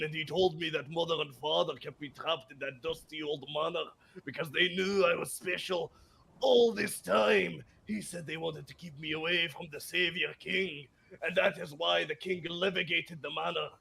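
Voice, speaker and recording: Man doing a young noblewoman, put-on Scottish accent, prim, melodramatic, gravelly fry, fairly high. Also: steady tone, moderate pace, sharp tone, a little hiss or hum, exaggerated voice. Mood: dreamy. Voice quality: melodramatic, prim storybook reading. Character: sheltered, fanciful young noblewoman writing her diary. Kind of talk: reading aloud in character.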